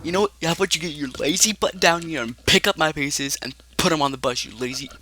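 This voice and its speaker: A man's voice: mid-range voice, steady tone, normal speed, bright, forceful tone, a little hiss or hum, natural voice. A man voicing a bossy, sarcastic male animatronic bear who scolds the others. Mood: scolding.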